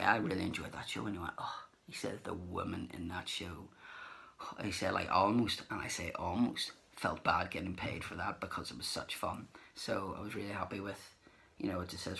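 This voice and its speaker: A male collector vlogs casually about meeting celebrities at a comic convention, his voice low, brisk, sharp, and fairly even in intonation, with vocal fry. He rambles with fillers and acts out the conversations he remembers.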